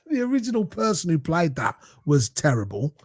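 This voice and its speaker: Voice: medium pitch, big pitch swings, unhurried, breathy edge, no echo, studio quality. Teasing, argumentative podcast co-host. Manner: teasing, argumentative, laughs often. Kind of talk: casual chat.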